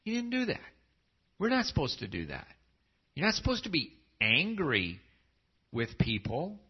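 A man's voice: a little high, wildly swooping pitch, moderate pace, husky, dull audio. A pastor giving a conversational sermon and often putting questions to his congregation.

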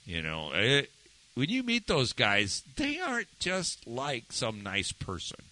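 A man delivers a sermon like a conversation, often turning to his listeners with questions. His voice is very bright and forward, and his pitch swings widely for emphasis. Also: huge pitch swings, slow, poor audio. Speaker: pastor.

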